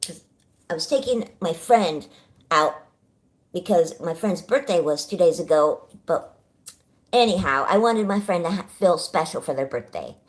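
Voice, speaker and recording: A woman's voice: fairly low pitch, expressive, normal speed. A middle-aged woman from California hosting a casual home livestream, bubbly and chatty, greeting viewers by name and laughing often. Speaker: livestream host. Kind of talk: casual live chat.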